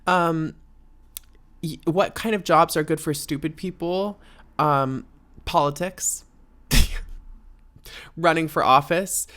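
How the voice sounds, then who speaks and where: A man's voice: medium pitch, fairly bright tone. A man hosting a casual solo podcast, rambling and sarcastic with plenty of fillers. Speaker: podcast host.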